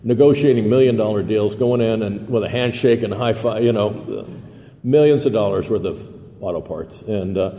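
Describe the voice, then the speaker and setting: Older man, recovery share, rambling, self-deprecating, mellow voice, reverberant hall. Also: fairly low pitch, normal speed. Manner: rambling, full of fillers and restarts. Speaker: recovery meeting speaker. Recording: echoey hall with faint noise.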